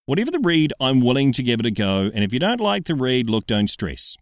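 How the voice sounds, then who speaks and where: A man's voice: medium pitch, sing-song, fairly quick, hardly any pauses, faint music behind. A man presenting his own voiceover demo reel in an upbeat, bouncy manner. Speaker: voiceover artist.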